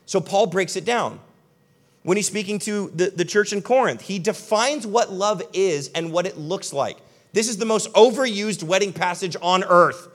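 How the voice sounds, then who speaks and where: A man's voice: high-pitched, moderate pace. Emphatic young pastor preaching to his congregation. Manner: conversational, emphatic, addresses the audience directly. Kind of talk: sermon. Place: church hall with a live audience.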